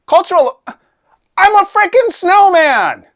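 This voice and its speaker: A man doing a loud slangy snowman. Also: very high-pitched, quick pace, pitched above the performer's own voice. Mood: brash. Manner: loud, excited street slang. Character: jive-talking male snowman.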